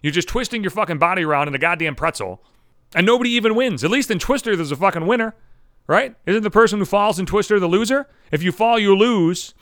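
Foul-mouthed man ranting, crisp and dry. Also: high-pitched, lively intonation, quick pace, a bit bright, no echo. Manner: sarcastic, heavily profane. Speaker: podcast host. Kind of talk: profane comedic rant.

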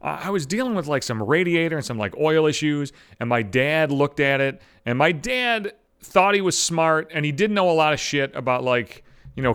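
A man's voice: fairly high pitch, fairly bright tone, clear, resonant tone. A man hosting a podcast, telling a story in a rambling, profane, self-mocking way. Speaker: podcast host. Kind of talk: casual solo storytelling.

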